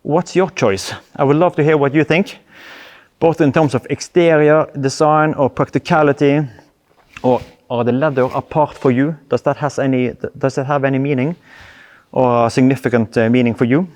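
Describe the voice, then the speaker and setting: Man, car vlogger, mid-pitched, casual direct-to-camera chat. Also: fairly even intonation, normal speed, a little mellow. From Norway. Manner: chatty, addresses viewers directly, loose non-native grammar. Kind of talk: casual vlog talk to camera.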